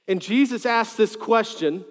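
A male pastor preaching a sermon, animated, with joking asides and sudden loud quoted lines. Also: high voice, a little slow, long reverb tail.

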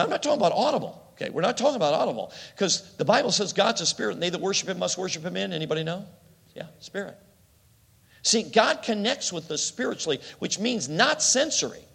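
Male preacher, conversational sermon delivery, slightly high, gravelly voice. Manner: animated, conversational, asks the congregation questions. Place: church hall. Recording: long hall reverb.

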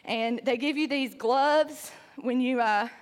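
Chatty high-voiced woman storyteller. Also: slow pace, long reverb tail. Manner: chatty, self-deprecating, many "like" fillers. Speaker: speaker. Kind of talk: humorous personal story to an audience.

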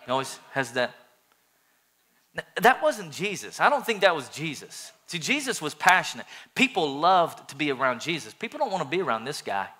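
A man preaching a sermon with a bright, forceful, rather high voice. He talks earnestly and with animation, stumbling through restarts as he builds energy. It is pastor-style address to a congregation. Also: very animated, moderate pace, slightly rough.

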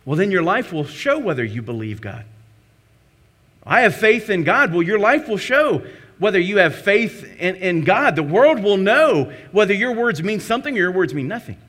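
A man's voice: high voice, sing-song, moderate pace, fairly bright tone. A man preaching a sermon to his church, emphatic, with repeated phrases and rhetorical questions. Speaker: pastor.

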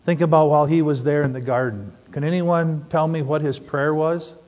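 A middle-aged man preaching a sermon, telling stories and asking the audience questions in an animated way. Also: fairly high pitch, moderate pace. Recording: long hall reverb.

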